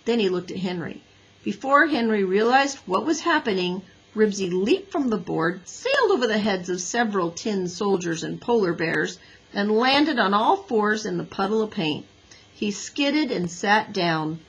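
A woman gently narrating a children's storybook in a breathy voice. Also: medium pitch, lively intonation, unhurried, rough recording. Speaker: audiobook reader.

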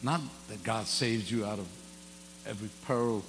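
A man's voice: fairly low pitch, moderate pace. Joking folksy preacher man in a reverberant church. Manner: folksy, joking, casual grammar. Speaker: guest pastor. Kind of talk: informal sermon with humorous stories. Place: church hall. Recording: long hall reverb with faint mains hum.

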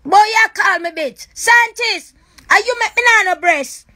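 A livestreamer with a Jamaican accent delivers an emotional rant, raw, accusing and repetitive. Her voice is extremely high, her tone sharp, and her pace measured.

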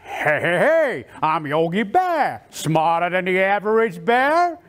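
A man's voice: high voice, big pitch swings, slow, fairly bright tone, exaggerated voice. A man doing an impression of a big, boastful cartoon bear, hearty and self-assured.

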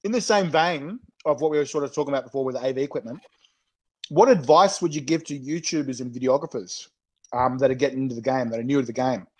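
A man's voice: mid-range voice, fast, darkish tone. An Australian man hosting a live-streamed chat while eating chillies, joking, laughing often and talking in slang. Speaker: host.

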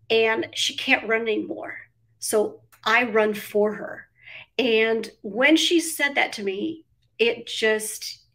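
A woman's voice: on the high side, fairly bright tone, distant mic. A middle-aged woman giving a casual motivational wellness talk, earnest and storytelling, with frequent ums. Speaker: wellness coach.

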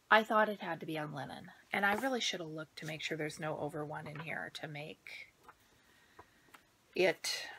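A middle-aged woman vlogs from home about her stitching, her lowish voice a little bright over a slight hiss or hum. The chat is casual and meandering, she's out of breath, and sometimes she goes nearly silent to a whisper.

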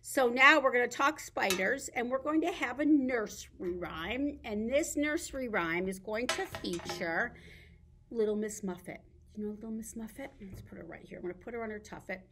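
A woman's voice: a little high, normal speed, sharp tone, slight background noise. A woman leading a baby storytime as a children's librarian, reading a picture book aloud in a sing-song, playful way and coaxing little listeners to join in.

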